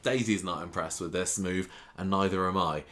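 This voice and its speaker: Man, low voice, sarcastic podcast recap, casual chat. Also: fairly even intonation, normal speed, a bit bright. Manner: sarcastic, mimics characters in quotes. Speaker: podcast co-host.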